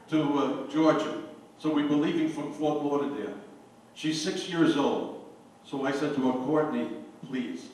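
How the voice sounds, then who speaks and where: An older man telling jokes to a party crowd, a lively storyteller who hollers his punchlines. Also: a little high. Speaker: joke teller at a party. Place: anniversary party. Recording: echoey room, voice from far off, faint noise.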